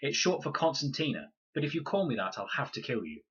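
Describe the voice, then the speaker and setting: A man voicing a sharp-tongued, bossy young girl who talks bluntly and sarcastically. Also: medium pitch, very animated, brisk, breathy edge, dull audio, pitched above the performer's own voice, full character voice. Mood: sarcastic.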